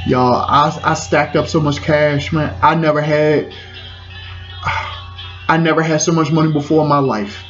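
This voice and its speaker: A man's voice: a little high, steady tone, unhurried, long pauses, a bit bright. A man in his forties telling a personal story, repeating phrases and stumbling over restarts. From Washington DC area. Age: 40s. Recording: dull lo-fi sound with faint music.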